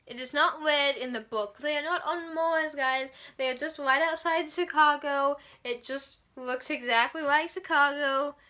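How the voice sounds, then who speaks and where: A woman's voice: high voice, measured pace, hardly any pauses, pushed and bright. A woman reviewing a movie in a casual, sarcastic, exasperated rant, swearing freely.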